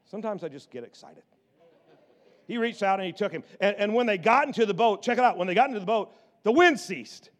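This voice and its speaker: A high-voiced man preaches with playful energy. He drops to hushed, wry asides and then bursts into excited shouts. His delivery is that of a pastor keeping a congregation laughing. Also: a little fast. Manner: animated, jokey, swings from hushed to shouting. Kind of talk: sermon.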